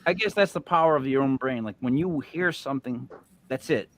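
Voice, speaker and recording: A man's voice: mid-range voice, fairly quick. A man hosting a casual chat show, joking and rambling with a Northeastern accent. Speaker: podcast host.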